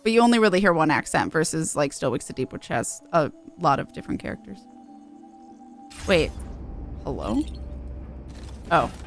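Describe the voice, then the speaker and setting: A woman streamer chatting casually while she plays, rambling and correcting herself as she goes. Her pitch moves a lot, and faint music plays under her talk. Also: big pitch swings, moderate pace, pauses often. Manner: rambling, self-correcting, laughs easily. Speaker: game streamer. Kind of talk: casual gameplay chat.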